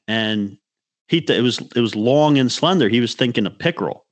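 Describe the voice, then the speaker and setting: A man's voice: medium pitch, lively intonation, normal speed, no echo. A man co-hosting a podcast, telling a rambling fishing story in casual chat and acting out what others said. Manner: rambling storyteller, restarts, acts out quotes. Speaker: podcast co-host.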